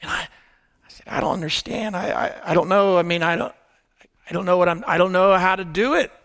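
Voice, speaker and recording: A middle-aged man preaching by telling his own testimony, earnest and hushed at tender moments, rising with excitement. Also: high voice, brisk, gravelly. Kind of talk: sermon storytelling.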